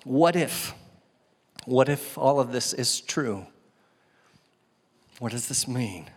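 A man's voice: medium pitch, expressive, slow, husky. Man preaching in a reverberant church. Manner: dramatic swings from loud emphasis to hushed tones. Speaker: pastor. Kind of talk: sermon. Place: church sanctuary. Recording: church hall with long reverb.

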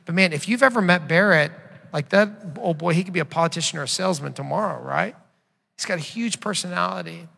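Gravelly bright-voiced male preacher. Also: sits high, quick pace. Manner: conversational, tells stories with quoted dialogue. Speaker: pastor. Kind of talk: sermon. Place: church sanctuary. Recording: long hall reverb.

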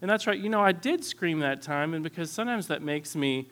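A man voicing a patient mother gently explaining things to her small child. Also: on the high side, animated, brisk. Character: patient mother calmly talking with her toddler.

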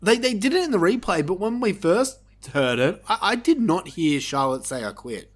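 Male podcast co-host, animated and sarcastic, swinging pitch, casual banter. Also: moderate pace. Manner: animated, sarcastic, swears, laughs often. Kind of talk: casual wrestling review chat.

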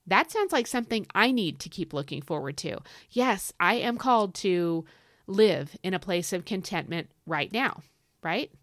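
A woman's voice: mid-range voice, animated, moderate pace, a bit bright, no echo, studio quality. A young woman teaching scripture on her podcast, enthusiastic and getting fired up like a preacher. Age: young adult. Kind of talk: devotional teaching.

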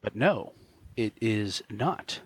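Low-voiced man rambling casually. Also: expressive, slow, slightly rough, dry recording. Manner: rambling, many "you know" fillers, explanatory. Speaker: podcast co-host. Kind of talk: casual film commentary chat.

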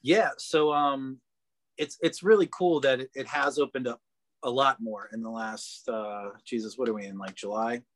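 A man chats loosely as a podcast guest, a mid-pitched voice that keeps trailing into "um" and "like." He laughs easily as he talks. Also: normal speed. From Boston area. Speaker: guest actor. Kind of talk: casual podcast interview.

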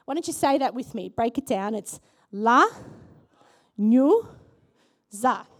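Aussie lady pastor giving a sermon, high voice, super animated, lots of questions to the crowd. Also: brisk. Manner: animated, rhetorical questions to the congregation. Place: church.

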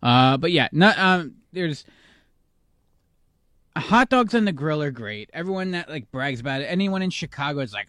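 A man's voice: a little high, animated, moderate pace, fairly bright tone, no echo, clean studio sound. A man co-hosting a podcast, rambling in a nostalgic, jokey way with many fillers. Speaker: podcast co-host. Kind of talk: casual chat.

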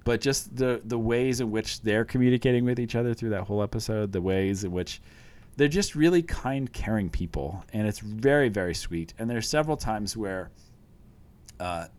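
A man's voice: on the low side, darkish tone. A man in casual chat, retelling scenes from a show with eager, rambling enthusiasm.

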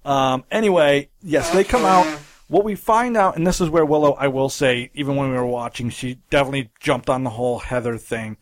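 A man co-hosting a podcast, recapping a movie in casual, animated chat with fillers. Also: mid-range voice, brisk, crowd noise. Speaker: podcast co-host.

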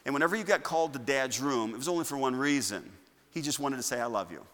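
A man preaching a sermon to his church, moving between loud declarations and quiet asides. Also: medium pitch, lively intonation, quick pace. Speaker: pastor. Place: church sanctuary. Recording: long reverb of a church hall.

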